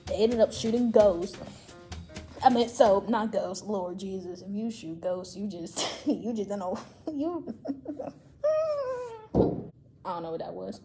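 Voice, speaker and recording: A woman hosting a casual chat, excitedly recapping a video game story with frequent laughter and swearing. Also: mid-range voice, takes it slowly, pauses often, faint music behind. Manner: animated, laughs often, profane. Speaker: host.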